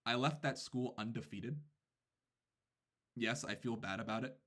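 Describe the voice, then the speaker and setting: A man, a teacher, casually telling a story about his students, animated and quick with asides. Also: mid-range voice.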